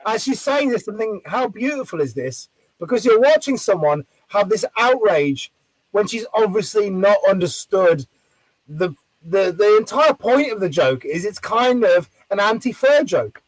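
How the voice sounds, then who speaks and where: A man who works as a street performer, telling a story in casual chat, animated and swearing freely. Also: high-pitched, normal speed, no room sound, low-quality recording. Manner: animated, acts out quoted voices loudly.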